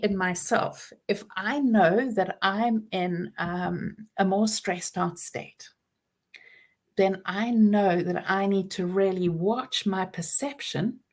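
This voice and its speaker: A woman in her forties giving a personal talk about trauma, earnest and reflective, with soft pauses and gentle emphasis. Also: medium pitch. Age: 40s. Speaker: speaker on trauma and healing.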